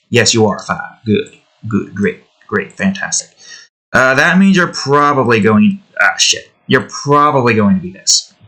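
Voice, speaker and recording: A man with a bright, forward voice talks his way through building a game. He is from the United States and rambles casually, cracking jokes and swearing. He chats to the pieces on his screen as if they could hear him. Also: mid-range voice. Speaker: hobby game developer.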